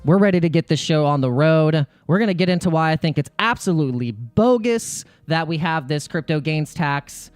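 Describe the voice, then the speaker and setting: A man hosting a crypto live stream, talking in an excitable, rambling rant full of restarts. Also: fairly high pitch, normal speed, few pauses, clean tone, dry recording, soft background music.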